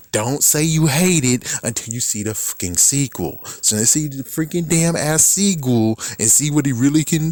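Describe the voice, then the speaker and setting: A movie commentary vlogger rants casually about films in a lowish voice with no echo. He's profane, exasperated and animated, often acting out what other people say.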